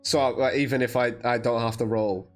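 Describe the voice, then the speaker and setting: A young man plays his character in a tabletop game, bantering, cursing and laughing with the table. He is at a middle pitch with an easy, casual delivery, and faint music plays under the session. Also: fairly even intonation, a little fast. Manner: joking, swearing, laughs often. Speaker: player. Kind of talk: casual tabletop role-play.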